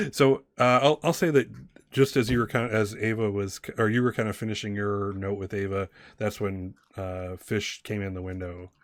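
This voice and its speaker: Rambling game master, low dry voice. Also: male voice, fairly even intonation, normal speed, dry recording. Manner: rambling, many fillers and restarts. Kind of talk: narrating a tabletop game.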